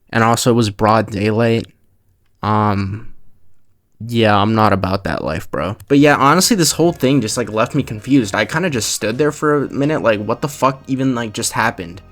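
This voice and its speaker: A man in his twenties telling a story in a rambling, casual rant, full of swearing and fillers. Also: lowish voice. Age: 20s. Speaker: vlogger.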